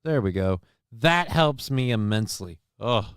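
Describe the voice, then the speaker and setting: A man hosts a casual livestream show, reading the chat and rambling with lots of fillers and crude jokes, getting loud and excited about news figures. His mid-range voice moves at a measured pace with a clean tone, and the recording is dry and studio quality.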